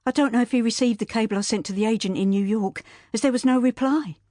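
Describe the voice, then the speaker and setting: Grieving widow, proud and sharp-tongued, heavy with tears, read by a woman narrator; higher than the reader's own voice. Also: fast talker, dry recording, studio quality, close to an everyday voice. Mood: sorrowful. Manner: tearful, weary, bitter.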